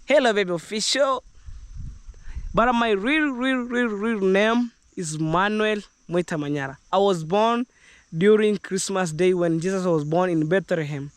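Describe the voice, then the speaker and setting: A man's voice: high-pitched, clean tone. A young Kenyan man with a Kenyan accent vlogging while walking through the countryside, chatting casually and rambling upbeat to his viewers with bits of Jamaican slang. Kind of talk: walking vlog, casual talk to camera. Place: outdoors in the countryside.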